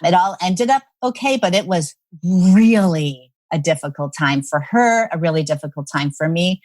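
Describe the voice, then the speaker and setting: A woman's voice: fairly low pitch, normal speed, dry recording. A woman guest, a parenting expert, telling stories in a podcast interview and acting out the voices in her quotes. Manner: animated storyteller who acts out quotes.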